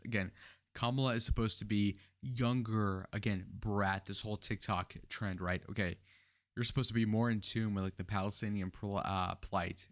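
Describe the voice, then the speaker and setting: Heated, sarcastic young man reacting. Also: lowish voice. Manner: heated, profane, sarcastic outbursts. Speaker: political reaction commentator. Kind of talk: reaction commentary.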